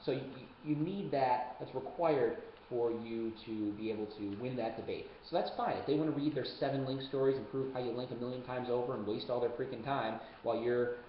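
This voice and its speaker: A young man teaching debate strategy on a webcam, casual and joking, with quick asides. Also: mid-range voice. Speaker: debate coach. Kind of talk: webcam lesson. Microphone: webcam mic. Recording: roomy, dull webcam audio, faint hiss.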